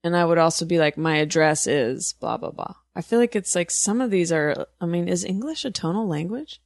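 A woman's voice: fairly low pitch, expressive, brisk, a little mellow, no echo. A woman hosting a podcast in casual chat, laughing and muttering words over to herself as she doubts them. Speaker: podcast host.

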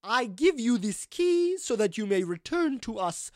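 A solemn ghost medium speaks in a high, airy voice, drawing every word out slowly, as a woman puts her on. The game-table voice swoops well above her ordinary register and sounds dry and close. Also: sing-song, no echo. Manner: slow, drawn-out, high mystical delivery. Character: eerie ghostly female medium, solemn and otherworldly.

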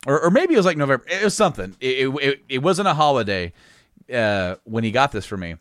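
Man, thirties, casual storytelling, lively voice, dry recording, laughs a lot. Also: fast, dry recording. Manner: animated, laughs often, jumps into high squeaky voices when quoting himself.

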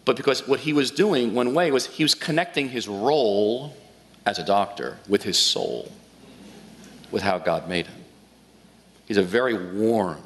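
A man preaching a sermon as pastor, telling a story in an animated way with frequent restarts. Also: lowish voice. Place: large church hall. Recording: long hall reverb.

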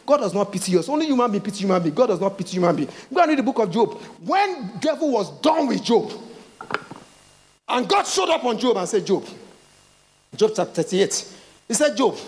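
A middle-aged man with a Nigerian accent, preaching a lively sermon and acting out voices of the people he quotes. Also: very high-pitched. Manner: animated preaching, acts out quoted voices, laughs, calls out. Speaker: pastor.

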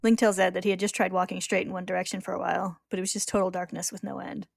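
A woman's voice: fairly low pitch, little pitch movement, racing, vocal fry, dry recording, clean studio sound. A woman host retelling a comic's story in casual recap narration, laughing often and lifting the quoted lines. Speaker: podcast host retelling a manga.

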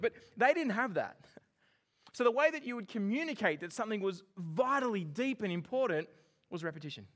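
A man preaching a sermon, animated and joking as he makes his points. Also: high-pitched. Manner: animated and joking, with lively emphasis. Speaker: pastor.

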